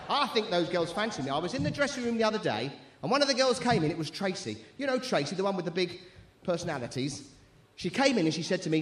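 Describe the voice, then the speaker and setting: A man's voice: sits high, big pitch swings, fairly quick. A man compering a live show, bantering with the crowd in a cheeky, bawdy way. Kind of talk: stand-up compering. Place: live venue stage.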